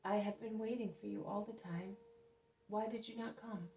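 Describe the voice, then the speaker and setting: A woman voicing a calm, gentle male teacher who speaks serenely, in a storybook reading. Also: medium pitch, moderate pace, lo-fi sound, close to an everyday voice. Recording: roomy echo, mic at a distance.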